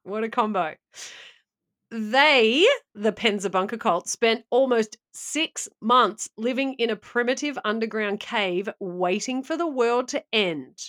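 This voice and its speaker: Female co-host, fairly high, chatty storyteller. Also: a little slow, fairly bright tone. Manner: chatty, laughs mid-story, self-mocking. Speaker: podcast co-host. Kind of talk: casual chat and storytelling.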